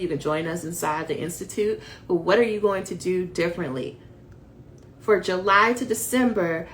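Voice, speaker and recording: A woman with a fairly low voice delivers an emphatic, preachy pep talk to viewers on a livestream. She is a coach who calls her audience "y'all." Faint background noise sits under her voice on the stream recording. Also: a bit bright. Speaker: dissertation coach hosting a livestream.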